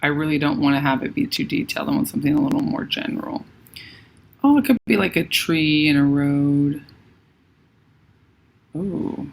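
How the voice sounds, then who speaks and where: Gravelly-voiced woman painting on a live stream, chatting away and saying hi to viewers. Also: low voice, lively intonation, normal speed, pauses often, darkish tone, slight background noise. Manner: chatty, thinks aloud and greets viewers by name. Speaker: livestream host. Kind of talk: casual livestream chat while painting.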